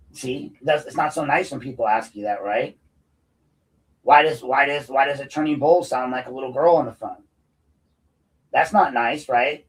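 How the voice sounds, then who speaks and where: A man's voice: medium pitch, moderate pace, far from the mic, rough recording. Profane, combative man ranting off-mic. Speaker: podcast host. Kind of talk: unscripted solo rant.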